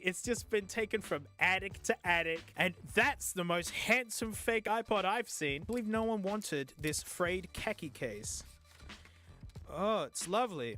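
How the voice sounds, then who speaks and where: High, bright man joking. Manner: excitable, joking, sarcastic. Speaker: host. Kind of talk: casual product-review vlog.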